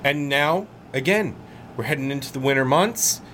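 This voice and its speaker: Relaxed podcast co-host man pitching sponsors. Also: normal speed, slight background noise. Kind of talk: casual sponsor read chat.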